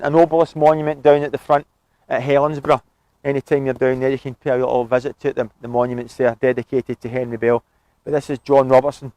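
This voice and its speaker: A man's voice: medium pitch, a little mellow, no room sound, rough recording. A Scottish man leading a cemetery walking tour outdoors, chatty and informative with friendly asides.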